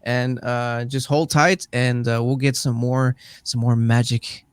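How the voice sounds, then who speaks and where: A man's voice: medium pitch, measured pace, clear, resonant tone, no room sound. Joking male podcast host, dry sound. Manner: joking, relaxed, short reactions. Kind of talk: casual podcast interview.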